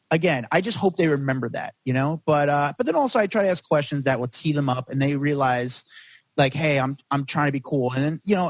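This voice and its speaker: A man's voice: mid-range voice, no echo. A man telling long, rambling stories as a podcast guest, with "like" in nearly every sentence. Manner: rapid, rambling, heavy use of "like". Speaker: paparazzo guest. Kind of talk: storytelling in a podcast interview.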